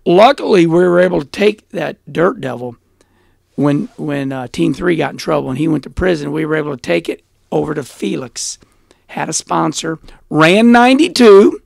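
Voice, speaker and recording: A middle-aged man as an interview guest, telling stories in a blunt, animated way and laughing often. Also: on the high side, moderate pace, gravelly, dry recording, clean studio sound. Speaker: interview guest, former race car driver. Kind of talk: casual storytelling interview.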